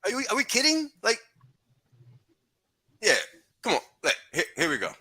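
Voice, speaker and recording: A man's voice: sits high, wildly swooping pitch, moderate pace, pushed and bright, husky. A man hosting a livestream, ranting profanely and heatedly with frequent laughs. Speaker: podcast host.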